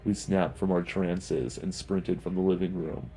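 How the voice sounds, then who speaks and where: A man narrating a horror story in a grim, steady storytelling manner. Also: deep voice, measured pace, creaky, a little hiss or hum, poor audio.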